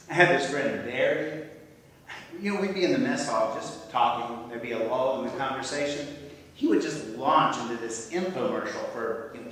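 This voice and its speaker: A man's voice: mid-range voice, fairly bright tone. A man acting a self-doubting writer and husband with a wry, self-deprecating manner, performed on a theatre stage. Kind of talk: amateur stage comedy acting. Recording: echoey hall, from far off.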